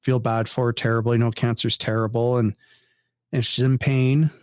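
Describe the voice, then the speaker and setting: A man as a podcast guest, telling a story in casual chat, animated and incredulous, swearing freely. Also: medium pitch, moderate pace, clean tone, dry recording, clean studio sound.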